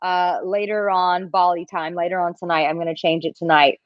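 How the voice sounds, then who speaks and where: A woman dating coach talking casually on a livestream, reading out viewer comments and answering them in an animated, chatty way. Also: fairly low pitch, normal speed, no room sound, lo-fi sound. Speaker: dating coach answering live chat questions.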